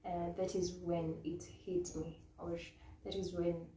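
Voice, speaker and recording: Animated Kenyan woman telling a story. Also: on the low side, unhurried. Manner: animated, laughs often, mixes in Swahili. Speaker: pageant model coach. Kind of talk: casual storytelling vlog. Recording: echoey room with faint noise.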